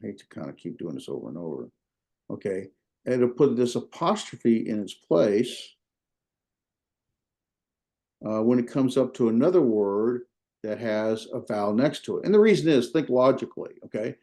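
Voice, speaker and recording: A man's voice: medium pitch, animated, normal speed, warm tone. A man with a Southern US accent teaching a beginner Greek class in a folksy, repetitive way with many fillers. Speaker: Greek instructor. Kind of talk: informal classroom lecture.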